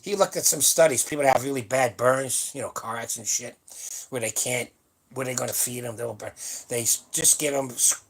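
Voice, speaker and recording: A man in his seventies hosts a powerlifting channel's live stream, chatting casually in a blunt, rambling, salty manner. His mid-range voice runs a little fast with a breathy edge, picked up by a webcam or phone.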